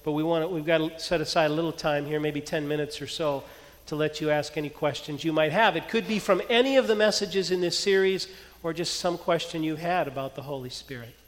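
A man preaching a sermon as pastor, telling a story with lively energy and quieting into soft prayer. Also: a little high, brisk. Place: church hall. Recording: long hall reverb.

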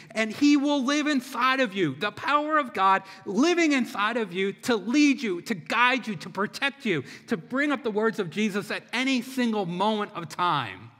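A man's voice: high-pitched, fairly bright tone. A man preaching a sermon as a pastor, impassioned, with rhythmic repetition. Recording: long hall reverb.

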